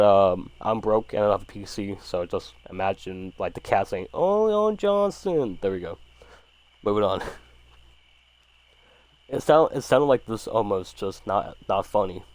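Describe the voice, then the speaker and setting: A man's voice: on the low side, darkish tone, no room sound. A man casually reading a horror story aloud, swearing freely and stumbling over words now and then. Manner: casual, profanity-laced, stumbles and restarts.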